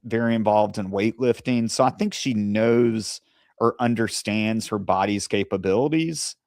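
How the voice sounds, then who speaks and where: Man, co-host, measured and careful, low pitch, unhurried, dry sound. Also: a little mellow, no echo. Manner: measured, careful, with pauses and fillers. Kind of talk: casual discussion.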